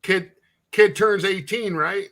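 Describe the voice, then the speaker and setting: Bright-voiced man telling jokes. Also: high voice, takes it slowly. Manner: laughing, rambling storyteller. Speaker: online chat participant. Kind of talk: casual joke-telling chat.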